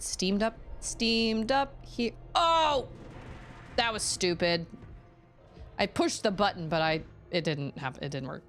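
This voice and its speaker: Woman game streamer, chatty and exclamatory, pitch in the middle of her range. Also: expressive, takes it slowly, fairly bright tone, slight background noise. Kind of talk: casual live gameplay commentary.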